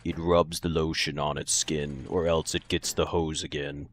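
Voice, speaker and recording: A man's voice: level tone, slight background noise. A man putting on a movie killer's creepy, menacing voice for a joke. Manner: slow, low, quiet menace. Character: creepy soft-spoken male film killer, menacing.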